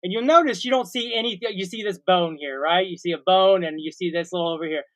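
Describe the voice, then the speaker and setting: A man's voice: sits high, fast. A man in his forties, co-hosting a casual comedy podcast, telling a long rambling story with made-up sound words. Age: 40s. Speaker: co-host.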